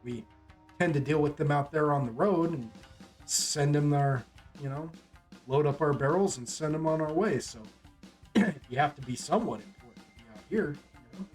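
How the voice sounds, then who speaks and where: A man's voice: a little high, moderate pace, soft background music. Casting: male game master, chatty, rambling narration, laughs often.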